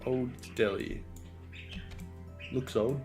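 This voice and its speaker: A man at an ordinary middle pitch trades dry, teasing banter on a livestream. Soft music plays faintly behind him. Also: fairly even intonation, extremely slow. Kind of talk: casual livestream chat.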